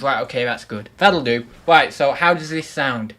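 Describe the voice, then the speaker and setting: A man's voice: medium pitch, normal speed, few pauses, a bit bright, slight background noise. A young man hosting a casual livestream, chatty and self-mocking as he rambles on about his new microphone. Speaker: livestream host. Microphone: desktop microphone.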